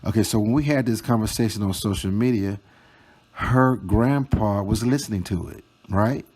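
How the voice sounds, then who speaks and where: A man telling a storytime vlog, reading out chat screenshots in a slow, mocking, profane way. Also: lowish voice, a little mellow, slightly rough. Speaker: storytime vlogger.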